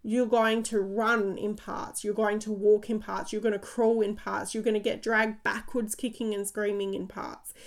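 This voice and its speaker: A woman in her thirties talks straight to her listeners in a motivational podcast monologue. She tells her stories in an excited, chatty rush and laughs easily. Her voice has a gravelly fry running through it. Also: medium pitch, moderate pace. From Australia. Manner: energetic, chatty storytelling with frequent laughs. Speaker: podcast host and coach.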